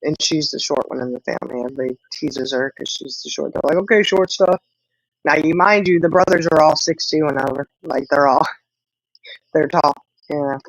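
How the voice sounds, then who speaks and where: Middle-aged woman, livestream host, rambling family chat, gravelly edge, dry and slightly dull sound. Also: low voice, brisk, no echo. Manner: rambling storytelling with laughs. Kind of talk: casual chat with viewers.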